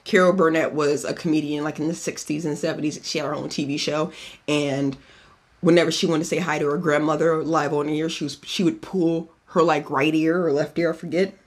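A man's voice: on the high side, steady tone, fairly quick. A man hosting a podcast in a casual chat, giving a cocktail recipe in a chatty, profane way and drifting off on tangents. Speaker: podcast host.

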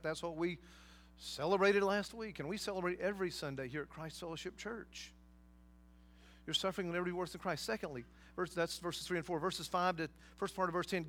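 A man's voice: high voice, fairly bright tone. A man preaching a sermon, emphatic, with rhetorical questions and casual asides to his congregation. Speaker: pastor.

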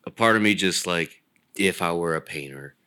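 Chill guy hosting, super low voice, kinda sharp tone, slangy. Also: clean tone. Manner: laid-back, slangy, quick reactions. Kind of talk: casual chat.

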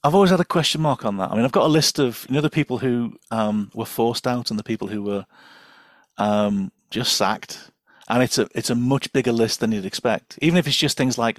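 A man's voice: mid-range voice, fairly quick, dry recording. A man speaking as a guest expert in a casual podcast chat, chatty and enthusiastic, with lots of fillers and laughter.

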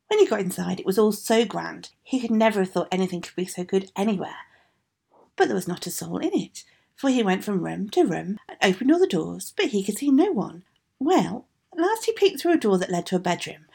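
A woman reading a fairy tale aloud in an expressive, sing-song manner. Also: medium pitch, gravelly, breathy edge. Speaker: storyteller.

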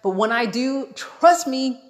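A young American woman vlogger retelling a travel story in a casual, animated way, acting out what people said. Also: high-pitched, takes it slowly. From United States. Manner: animated, dramatic retelling with quoted asides.

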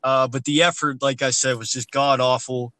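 A man's voice: mid-range voice, little pitch movement, normal speed, sharp tone, no echo, rough recording. A man co-hosting a casual sports podcast, ranting bluntly about college basketball and swearing freely. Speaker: podcast co-host.

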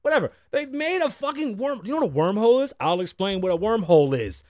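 An American man in his thirties chats through a casual solo podcast, ranting and joking loosely with lots of profanity. His voice sits high for a man, a little mellow and fast, jumping widely in pitch with every riff. The sound is dry and close, with no room around it.

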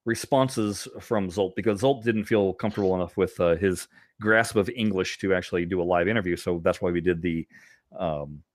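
A man's voice: sits low, moderate pace. Self-mocking man hosting a podcast. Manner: self-mocking, laughing often. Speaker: podcast host. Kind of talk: casual chat.

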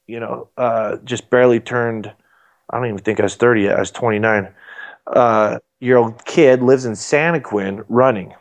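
A man in his thirties tells a long, casual story about himself in an interview, with an average-pitched voice. He rambles, often restarting his sentences and poking fun at himself. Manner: rambling, self-deprecating, many restarts. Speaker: state legislator guest.

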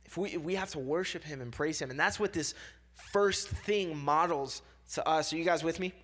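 A man's voice: on the high side, moderate pace, fairly bright tone. A young man giving a casual sermon, talking loosely with many fillers and repeats and acting out quoted voices.

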